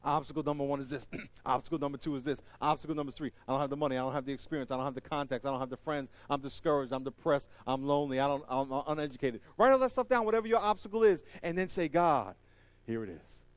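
A middle-aged male pastor preaching a sermon. He swings between loud, high exhortation and hushed closing prayer. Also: racing, no echo.

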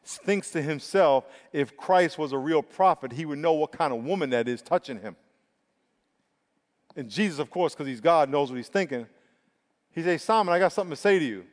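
A male pastor preaching a sermon with emphatic, drawn-out stresses and repeated words. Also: mid-range voice. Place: church sanctuary. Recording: long reverb of a large hall.

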